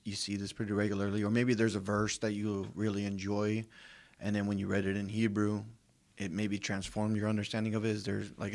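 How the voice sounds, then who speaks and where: Low-voiced man hosting a casual chat. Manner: loose, rambling questions full of "like". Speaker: podcast host and pastor.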